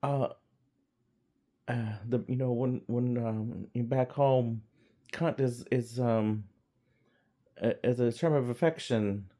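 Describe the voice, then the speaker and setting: A man's voice: slow, long pauses, mellow, lightly acted. A man voicing a flustered grown man who stammers out an apology after a crude slip. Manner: stammering, sheepish, pitched up.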